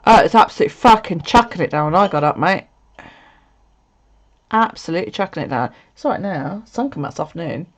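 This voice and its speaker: A woman's voice: on the low side, animated, brisk. A woman from the UK, chatting casually to her viewers at home, swearing freely and laughing often. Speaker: video creator. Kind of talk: casual live chat to viewers. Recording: dull lo-fi sound.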